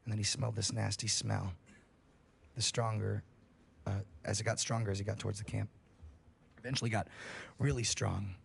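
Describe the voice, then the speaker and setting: A man's voice: fairly low pitch, little pitch movement, moderate pace, gravelly, pauses often, a little hiss or hum. A man on a livestream telling a scary story in a casual, profane way, building suspense. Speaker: streamer.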